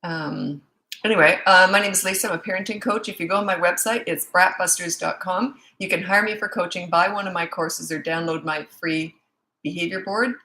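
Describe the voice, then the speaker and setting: A Canadian-accented woman, a parenting coach, chats frankly with viewers during a live-stream Q&A, greeting each by their location. Her lowish voice stays steady in tone and moves fairly quickly, sounding pushed and bright. She uses her own set-up microphone, and the recording quality is low.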